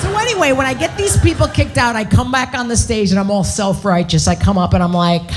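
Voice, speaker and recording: A woman's voice: fairly high pitch, a little fast, few pauses, faint music behind. A woman doing a stand-up comedy set on stage, brash, profane and punchy. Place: on stage at a live show.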